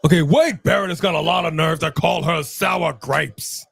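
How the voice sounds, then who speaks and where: A man's voice: on the high side, normal speed, creaky, fairly bright tone, breathy edge, no echo. A man co-hosting a live wrestling watch-along, reacting with playful trash talk.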